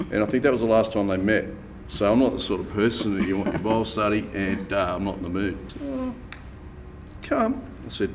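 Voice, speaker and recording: A man's voice: medium pitch, recorded from a distance, slight background noise. Laconic man telling his story. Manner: laconic, wry, acts out the people he quotes. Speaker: church member giving testimony. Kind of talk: storytelling testimony. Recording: room ambience, voice a bit off-mic.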